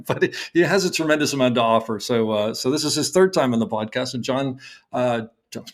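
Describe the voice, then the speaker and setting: A man hosts a podcast and talks shop as a camera operator, in an ordinary mid-pitched voice. He chats eagerly and breaks into laughs often. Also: lively intonation, fairly quick. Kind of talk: casual podcast chat.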